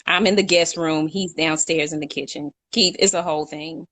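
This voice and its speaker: A woman's voice: sits low, fairly even intonation, normal speed, fairly bright tone, dry recording. A young woman co-hosting a casual live chat, talkative and laughing, reading out viewer comments. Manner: chatty, laughs often, reads out viewer comments. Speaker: co-host.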